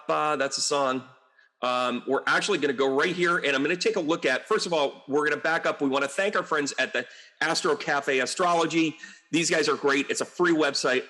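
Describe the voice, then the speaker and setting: Middle-aged American man, a medium, rambling casual monologue to camera, mid-pitched. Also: bright, forceful tone. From United States. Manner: rambling, chatty, with frequent fillers and asides. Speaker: medium and astrologer.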